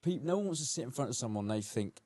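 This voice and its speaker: A man's voice: mid-range voice, expressive, quick pace, mellow, no echo. A man hosts a casual podcast chat in a mid-range voice. He is blunt and joking and swears casually. His voice sounds close and dry. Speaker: podcast host. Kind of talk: casual conversational interview.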